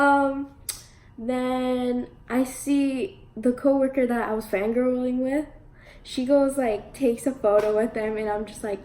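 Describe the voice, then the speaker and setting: A young woman vlogger telling a story in a casual, excitable way, giggling often and using lots of fillers. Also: on the high side, slow pace, reverberant.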